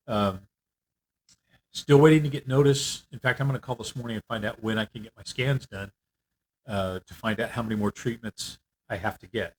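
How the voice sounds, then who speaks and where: An older man giving a casual, candid video update on his treatment. He rambles a little, fills pauses often, and sounds worn out. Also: mid-range voice. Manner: candid, rambling, with frequent fillers. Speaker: vlogger. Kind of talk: casual personal health update.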